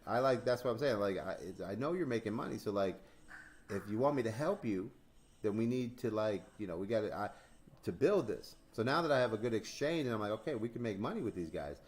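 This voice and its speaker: Speaking a little quickly in a fairly low voice, the host of a crypto stream chats casually. He often laughs and swears, and his stories are animated, with dialogue he acts out.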